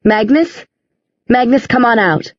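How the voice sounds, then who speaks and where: A woman's voice: medium pitch, animated, normal speed, a little mellow, slightly rough, muffled recording. A woman reading aloud and voicing an earnest young man who speaks tightly. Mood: tense. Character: tense earnest young man, protective brother.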